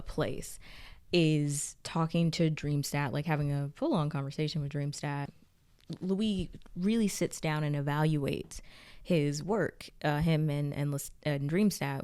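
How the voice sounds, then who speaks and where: A woman's voice: low-pitched, darkish tone, clear, resonant tone. A woman giving a casual, rambling spoken recap of a TV episode, filling her talk with "like" and restarts. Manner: chatty, heavy use of "like", rambling restarts. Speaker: TV recap reviewer.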